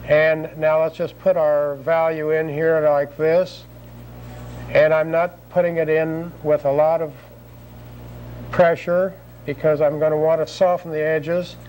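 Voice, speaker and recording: A man calmly narrating each step of a drawing demonstration as an instructor, repeating short phrases as he works. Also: fairly high pitch, unhurried, a little hiss or hum, low-quality recording. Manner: calm, repetitive narration of each stroke.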